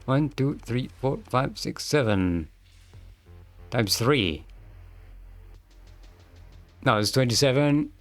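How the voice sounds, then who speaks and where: A man's voice: mid-range voice, animated, slow pace, long pauses, no room sound, faint music behind. A man streaming a game and commenting casually, rambling and joking and laughing often.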